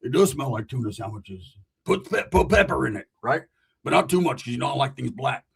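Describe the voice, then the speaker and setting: A man's voice: mid-range voice, lively intonation, a little fast, gravelly, husky. A man telling a rambling, profane street story in casual slang, full of asides.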